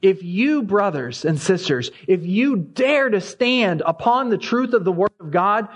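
A man's voice: high voice, lively intonation, unhurried. A man preaching a sermon, growing impassioned as he reads scripture aloud. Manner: impassioned, rising when reading scripture aloud.

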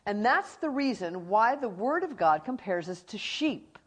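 A woman's voice: mid-range voice, sing-song, a little slow, breathy edge. A middle-aged woman teaching from the Bible, telling stories with energy and acting out animals and friends.

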